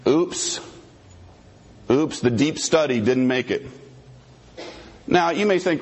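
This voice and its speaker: A man's voice: mid-range voice, moderate pace, long pauses. A man giving a combative theological debate presentation, reading verses aloud and picking apart their grammar. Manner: combative, quotes and parses scripture.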